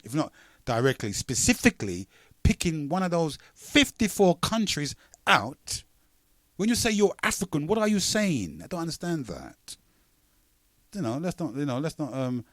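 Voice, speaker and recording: A man's voice: mid-range voice, no room sound. Emphatic man hosting radio talk. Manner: argumentative, rhetorical questions, emphatic. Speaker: radio talk show host. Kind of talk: radio talk show monologue.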